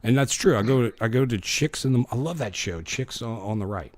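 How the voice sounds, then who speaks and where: A man's voice: medium pitch, lively intonation, a little fast, no room sound. A man hosting a live show, joking and laughing as he reads out viewer comments. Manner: jokey, laughs between comments. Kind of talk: casual live-stream chat reading viewer comments.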